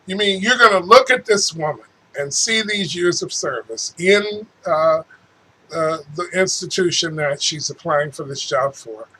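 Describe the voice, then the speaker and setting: A man's voice: on the high side, expressive, a little slow, pushed and bright, breathy edge, rough recording. A man hosting his own show, ranting angrily and profanely about politics, stumbling over restarts as he goes. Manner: angry, profane, stammering restarts. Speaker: host. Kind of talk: political rant.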